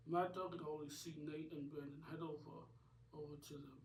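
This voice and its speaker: A man narrates his own cartoon in a plain, halting read, his voice a touch high. The room is echoey and the mic is far away, with faint noise. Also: level tone, vocal fry. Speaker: narrator and creator. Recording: roomy echo, distant mic.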